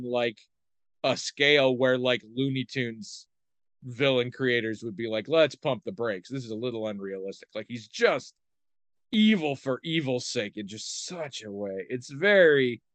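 A man's voice: mid-range voice, a bit bright, dry recording. Man, podcast host, casual and wry, lots of filler, dead-dry close mic. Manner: rambling, wry, many fillers. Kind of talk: casual chat.

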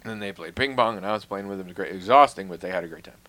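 Wry, low-voiced man telling stories. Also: racing, a bit bright. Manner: wry, self-deprecating, swears freely, drops to a mutter on asides. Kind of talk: casual storytelling chat.

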